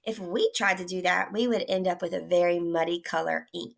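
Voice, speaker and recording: Teacher lady doing a phonics lesson for little kids, slow clear words, lots of good jobs. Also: lowish voice, little pitch movement. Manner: encouraging, slow and clear, with frequent praise. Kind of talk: phonics lesson for young children.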